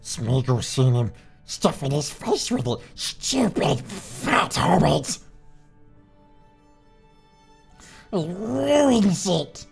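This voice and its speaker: Man doing a wheedling, raspy creature for a stream bit: very slow, sing-song, all over the place in pitch. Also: very animated, faint music behind, heavily acted. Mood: spiteful. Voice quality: raspy, hissing. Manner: wheedling, talks to himself, swings wildly in pitch. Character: wheedling, raspy, gollum-like male creature, twitchy and hungry. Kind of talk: live stream impression.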